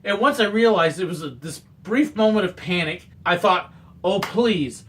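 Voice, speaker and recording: A man casually telling stories about his old theme park job, acting out quoted moments with sudden loud bursts. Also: high voice, moderate pace, distant mic, a little hiss or hum. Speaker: former theme park photographer sharing stories. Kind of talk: casual storytelling monologue.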